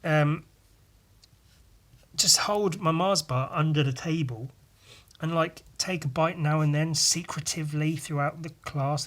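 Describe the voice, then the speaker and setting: A young man hosting a solo podcast, telling a meandering story full of swearing, wry asides and frequent fillers. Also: medium pitch. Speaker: podcast host.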